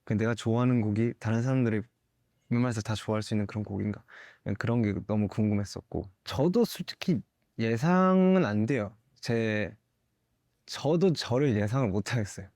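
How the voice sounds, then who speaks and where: A young man, a singer, giving candid interview answers in a thoughtful, halting way with soft laughs. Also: fairly low pitch, animated, dry recording, studio quality.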